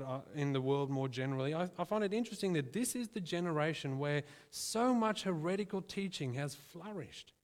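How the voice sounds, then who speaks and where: A man preaching a sermon in a church, talking conversationally, calling his listeners friends and pausing to stress his points. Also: high-pitched, in a large hall.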